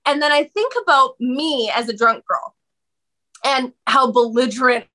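Woman on a podcast, bright voice, kinda high, talks fast and animated. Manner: animated, expressive, quick bursts of speech. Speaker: podcast guest. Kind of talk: candid conversational interview.

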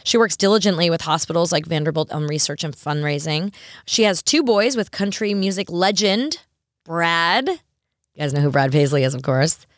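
A woman from New York with a New York accent, co-hosting a podcast in an animated, chatty way. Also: fairly low pitch, no echo, clean studio sound. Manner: chatty, animated, quick to laugh. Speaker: podcast co-host. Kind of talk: casual chat.

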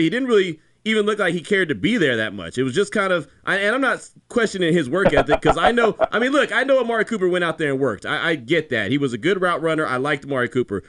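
A man co-hosting a sports talk radio show, emphatic and animated in his arguments. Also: a little high. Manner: emphatic, animated, repeats "you know what I'm saying".

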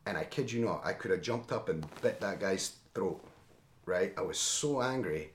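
Deep voiced middle-aged guy telling a story on a podcast, keeps saying right?, echoey room. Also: moderate pace, slight background noise. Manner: animated, seeks agreement with frequent "right?". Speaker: podcast guest, former Marine. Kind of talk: conversational war storytelling. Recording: roomy echo.

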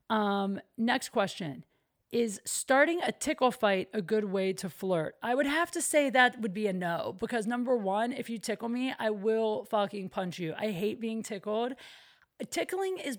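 Chatty young woman podcasting solo. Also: medium pitch. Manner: chatty, self-deprecating, lots of "like". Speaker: podcast host. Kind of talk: casual solo podcast chat. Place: her apartment.

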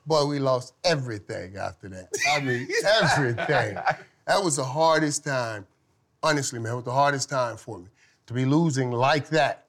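A man telling stories as a guest, animated and laughing, swinging from loud outbursts to hushed tones. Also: fairly high pitch, normal speed. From from Saint Thomas. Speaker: guest, former football player. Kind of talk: casual storytelling.

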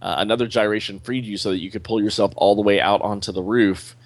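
Low-voiced joking podcast host. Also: male voice, steady tone, fast. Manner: jokey, reads comic aloud with asides. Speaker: podcast host reading a comic. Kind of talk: casual chat, read-aloud recap.

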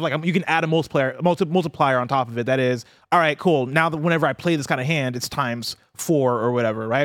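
A man's voice: fairly high pitch, no echo, clean studio sound. Chatty man explaining a game. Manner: rambling, animated explainer. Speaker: podcast co-host. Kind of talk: casual chat.

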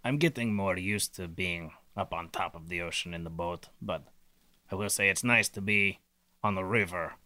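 Deep bright-toned guy playing in a tabletop game, dry, matter of fact. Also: moderate pace, no room sound. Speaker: player. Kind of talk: in-character tabletop play.

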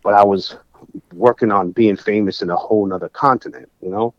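Middle-aged guy telling a story, animated, dry close mic. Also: fairly low pitch, a little fast, dry recording, lo-fi sound. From New Bedford, Massachusetts. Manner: animated, acts out dialogue. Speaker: music producer, guest. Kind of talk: storytelling in casual conversation.

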